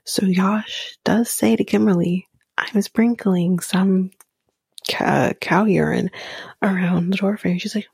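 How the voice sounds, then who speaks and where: Woman host, casual recap chat, blunt and profane, gravelly fry, dry close sound. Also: mid-range voice, takes it slowly, no room sound. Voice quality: breathy, often half-whispered. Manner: blunt, profane, animated retelling. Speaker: podcast host recapping a reality show.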